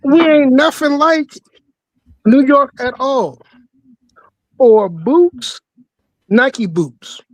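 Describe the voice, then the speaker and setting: A man's voice: very high voice, extremely slow, long pauses, dry recording, poor audio. A laid-back man in a casual group chat. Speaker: guest.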